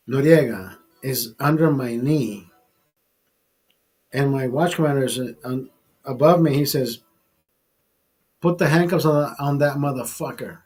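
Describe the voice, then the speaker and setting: A man's voice: mid-range voice, dark tone. A man hosting a casual show, telling a long rambling anecdote full of swearing and acted-out quotes. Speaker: host. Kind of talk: casual storytelling chat.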